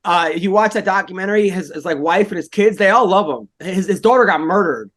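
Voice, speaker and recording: A man co-hosting a fight podcast, chatting casually and rambling, getting loud when doing bits. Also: sits high, lively intonation, fast talker. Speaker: podcast host. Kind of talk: casual chat.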